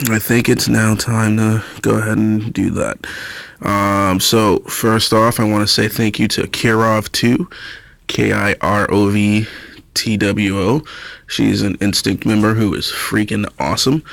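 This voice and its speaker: A man's voice: lowish voice, gravelly, a bit bright, dry recording. A man chatting casually and enthusiastically in a vlog about his game, with frequent fillers. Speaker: Pokemon Go YouTuber.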